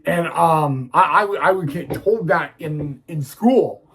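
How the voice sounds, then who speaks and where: A young man hosting a wrestling vlog, talking haltingly to viewers with many restarts and near tears. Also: a little high, fairly bright tone, breathy edge, rough recording. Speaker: wrestling video host. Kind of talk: casual vlog talk to viewers.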